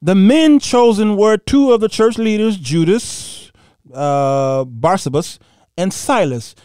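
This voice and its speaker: Man, host, animated preaching, mocking, laughing, dry close sound. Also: high-pitched, takes it slowly, smooth, no room sound. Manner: laughing, mocking, reading scripture aloud. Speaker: host of a Bible commentary show.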